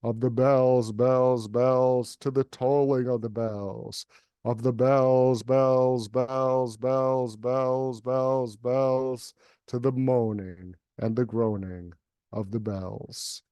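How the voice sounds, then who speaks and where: A man's voice: mid-range voice, steady tone, very slow, dark tone, clear, resonant tone, no room sound. Man reciting poetry over a dry call. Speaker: poet reading at a livestream event. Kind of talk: dramatic poetry recitation, then casual chat.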